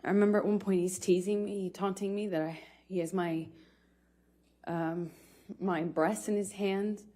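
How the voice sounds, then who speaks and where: A woman in her thirties testifying in a courtroom, speaking haltingly with frequent pauses and broken-off restarts. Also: medium pitch, steady tone, mellow. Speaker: trial witness.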